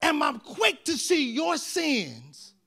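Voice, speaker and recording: A man pastor preaching with animated storytelling, repeating words in bursts and building to loud shouts. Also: extremely high pitch, slow pace, creaky. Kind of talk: sermon.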